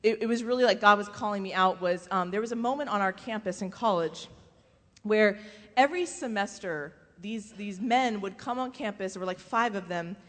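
A woman giving a humorous faith testimony to a live audience, telling animated stories, acting out other people's voices and laughing often. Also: medium pitch, normal speed. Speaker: speaker giving a faith talk. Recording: long hall reverb.

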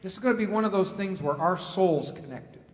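A middle-aged man giving a comedic parenting talk, animated and acting out family members, in an echoey hall. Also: high-pitched, fairly quick. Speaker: speaker on parenting. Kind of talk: comedic talk to a live audience.

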